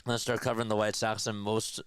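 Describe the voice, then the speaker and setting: A man hosting a casual live play-by-play stream, chatting with viewers and answering their comments between pitch calls. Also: level tone, a little fast, fairly bright tone, clean tone. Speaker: livestream play-by-play host.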